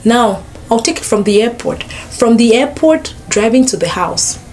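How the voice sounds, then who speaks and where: A young woman with a Cameroonian accent, telling stories to camera in a casual sit-down vlog, lively and full of exclamations. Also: on the high side, measured pace. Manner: animated, exclamations and playful asides. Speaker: vlogger. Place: sit-down room at home. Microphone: camera mic.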